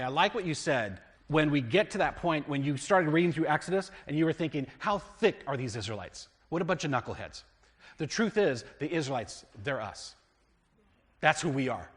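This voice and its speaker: A man pastor with an American accent teaching a sermon and reading scripture aloud. He asks the congregation fill-in questions and swings between loud and hushed delivery. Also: a little high, animated, moderate pace, long reverb tail. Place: church.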